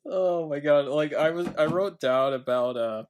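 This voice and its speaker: A man's voice: a little high, normal speed. A young man co-hosting a podcast, chatting casually about movies and laughing often as he recounts scenes. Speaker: podcast co-host. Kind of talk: casual film review chat.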